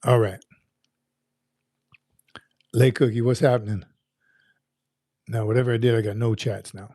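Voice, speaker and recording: A man's voice: medium pitch, fairly even intonation, measured pace, dark tone, no room sound, clean studio sound. A man hosting a casual livestream, greeting viewers by name in an upbeat, folksy, rambling way. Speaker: livestream host.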